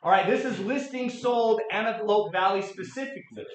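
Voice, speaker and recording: A man in his late thirties presenting a real estate market update to a room, energetic and quizzing the audience. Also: high voice, moderate pace. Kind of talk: interactive office presentation. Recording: echoey room, dull lo-fi sound.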